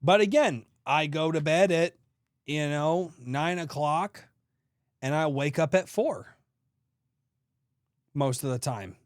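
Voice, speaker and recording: Man, thirties, high voice, dry close mic, animated, swears a lot, podcast co-host. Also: slow, long pauses, no room sound. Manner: animated, swearing, acts out his own grumbling. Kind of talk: casual comedic storytelling.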